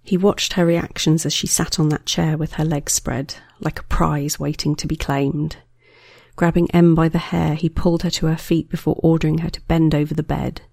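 A narrator with a gravelly, slightly creaky voice reads an erotic story at an unhurried, measured pace. The sound is dry and close, with no room around it. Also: medium pitch, level tone, a little mellow, no room sound. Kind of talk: scripted erotic story reading.

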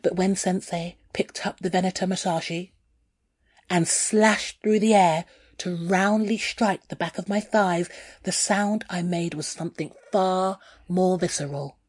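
A woman reading her own first-person memoir aloud in a candid, unhurried storytelling manner. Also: on the low side, a little mellow, husky, no echo. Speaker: narrator.

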